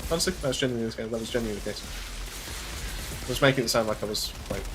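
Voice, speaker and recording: A man's voice: medium pitch, racing, background noise. A young man co-hosting a game stream, joking casually and laughing often. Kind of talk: casual gameplay chat.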